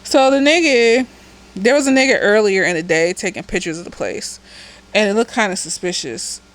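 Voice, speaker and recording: A woman's voice: medium pitch, moderate pace, poor audio. A woman therapist, slightly tipsy, giving a casual, blunt and profane recap of a TV episode with chatty asides.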